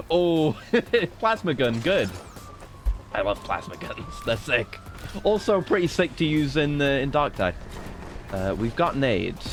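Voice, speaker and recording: A man's voice: mid-range voice, a bit bright. A man streaming a video game, chatting casually in a profane, joking, rambling way. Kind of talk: casual gameplay commentary.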